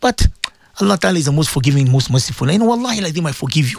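A man's voice: a little high, very animated, quick pace, creaky, no room sound, clean studio sound. A man telling a story on a religious radio talk show, repeating himself and mixing in Arabic and Urdu phrases. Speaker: radio guest speaker.

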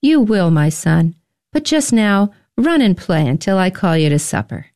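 Woman as a gentle loving mother. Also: medium pitch, big pitch swings, normal speed, soft background music. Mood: tender.

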